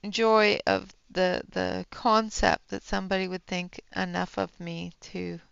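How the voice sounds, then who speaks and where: Slow, gravelly woman chatting on a livestream. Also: fairly low pitch, flat delivery, fairly bright tone, dry recording, lo-fi sound. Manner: chatty, reads and answers chat, laughs often, many fillers. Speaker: coloring livestream host. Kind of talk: casual livestream chat while coloring.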